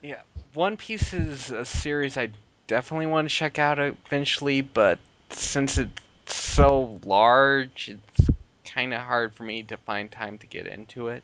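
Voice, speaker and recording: A man hosts a casual podcast conversation from a home mic. His pitch sits in an ordinary middle range. He sounds laid-back, chuckles often and lets sentences trail away. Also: a little slow, fairly bright tone. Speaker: podcast host. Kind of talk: casual chat.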